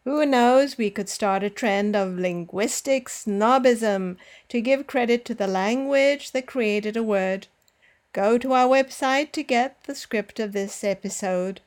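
A woman teacher hosting a pronunciation podcast, reading out words slowly and carefully for listeners to repeat. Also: a little high. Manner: slow, carefully enunciated drilling. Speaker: language teacher.

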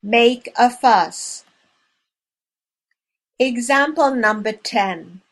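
A woman leading a language lesson drill, speaking slowly and clearly and pausing between words. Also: on the high side. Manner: clear, measured, spacing out each word. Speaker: language teacher. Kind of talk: slow, deliberate language drill.

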